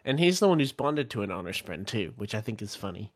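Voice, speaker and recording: A man's voice: lowish voice, big pitch swings, fast. A man co-hosting a podcast, amused and rambling, often stopping to correct himself in a casual book discussion. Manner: amused, rambling, self-interrupting. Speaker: podcast co-host.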